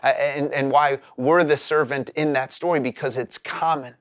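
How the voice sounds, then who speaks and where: A man's voice: mid-range voice, fairly even intonation, moderate pace, fairly bright tone, no room sound. A man preaching a sermon as a pastor, earnest and explanatory, often repeating words as he starts a phrase.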